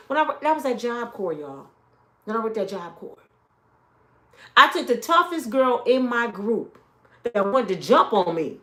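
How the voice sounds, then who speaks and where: A woman's voice: on the high side, animated, normal speed, sharp tone, echoey room. A middle-aged woman giving a casual, emphatic motivational talk to viewers from her home. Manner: emphatic, storytelling, talks straight to viewers. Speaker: motivational speaker. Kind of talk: casual preaching live stream. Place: home, with kids in and out.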